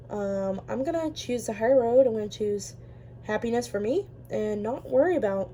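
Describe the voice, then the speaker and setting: Woman, slightly high voice, casual tarot reader, rambling, lots of ums, faint hiss. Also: warm tone. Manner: chatty, rambling, lots of ums, laughs easily. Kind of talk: casual pick-a-card tarot reading.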